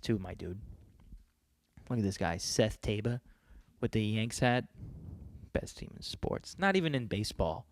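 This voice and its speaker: A man's voice: fairly low pitch, big pitch swings, a little slow, long pauses, no echo. A man from New York hosting a podcast, talking in a rambling, profane, joking casual monologue. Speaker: podcast host.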